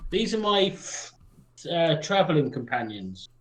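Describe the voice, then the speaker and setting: A man playing a tabletop game, speaking excitedly in character and tripping over his words. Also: fairly high pitch, measured pace. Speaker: player. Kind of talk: in-character tabletop role-play.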